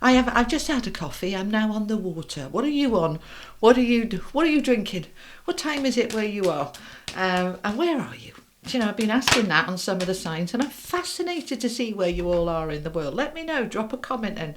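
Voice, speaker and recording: A woman's voice: mid-range voice, very animated, fairly quick, a little hiss or hum. A middle-aged woman giving a casual tarot reading, chatting to viewers in an upbeat way and speaking straight to them. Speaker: tarot reader.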